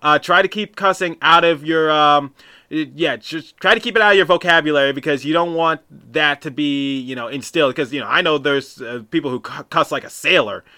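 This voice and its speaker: A man's voice: fairly high pitch, a little fast, bright, forceful tone. A man hosting a podcast, telling a story in a casual, rambling way with many restarts and asides. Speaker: podcast host.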